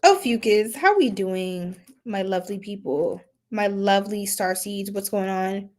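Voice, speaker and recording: A young woman doing a casual tarot reading, chatty and animated, often laughing and breaking into loud exclamations. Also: mid-range voice, unhurried. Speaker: tarot reader.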